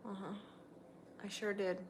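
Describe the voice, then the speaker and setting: A woman's voice: level tone, a little slow. Middle-aged woman, casual vlogger at home, chatty, with faint background noise. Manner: chatty, talks to her pets in a high sing-song voice. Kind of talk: casual livestream chat. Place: home, indoors.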